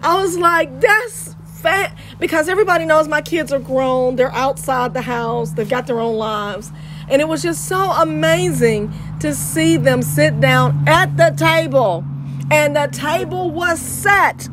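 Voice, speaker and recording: A woman with an East Texas drawl, chatting on Christian radio with exuberant, preachy energy and a slightly high voice. She keeps repeating her phrases for effect. A faint hum of ambience and vehicle noise sits behind her. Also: unhurried. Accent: Southern US, East Texas. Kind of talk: lively radio chat.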